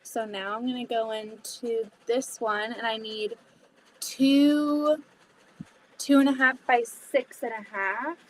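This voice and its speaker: A woman's voice: fairly high pitch, steady tone, slow, a little hiss or hum. A woman hosting a casual sewing livestream, chatting to viewers and thinking aloud as she cuts fabric. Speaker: livestream host.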